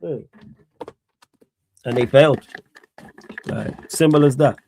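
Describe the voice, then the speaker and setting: A man's voice: mid-range voice, slow pace, creaky, dark tone, slight background noise. A young man hosting a solo sports live stream, blunt and sarcastic, hammering his points with repetition and swearing. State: tired. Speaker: streamer host.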